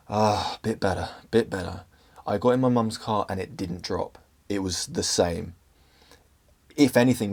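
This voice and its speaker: A man's voice: on the low side, darkish tone. A young English man telling a personal story to camera in an earnest, open way, now and then tripping over his words. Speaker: vlogger.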